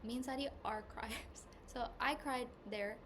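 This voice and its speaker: A woman podcast host telling a personal story in a candid, rambling way, with lots of "like", at times hushed and at times loud. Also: on the high side, fairly even intonation, a little slow. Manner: rambling and candid, heavy use of "like", swings between hushed and loud. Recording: noisy background hiss.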